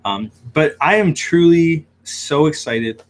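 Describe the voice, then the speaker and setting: A man's voice: on the high side, animated, slow. A man who runs a shrimp shop, hosting a casual livestream with lots of fillers as he reads viewer comments aloud. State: hiccuping.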